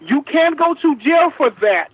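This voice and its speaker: A man's voice: very high voice, very animated, unhurried, dry recording. A male caller scolding and lecturing the hosts over a phone line. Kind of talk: call-in comment.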